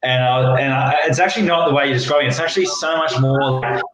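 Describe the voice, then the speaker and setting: A young Australian man, a guest in a casual political chat, rambling excitably and swearing. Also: medium pitch, fast talker, over a noisy crowd. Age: young adult. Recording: very echoey room.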